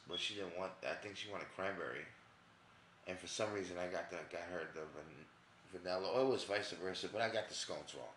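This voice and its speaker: A man's voice: sits low, a bit bright, reverberant, a little hiss or hum. A man from New York with a New York accent, telling a personal story in a loose, rambling, profane way full of fillers. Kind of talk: casual storytelling.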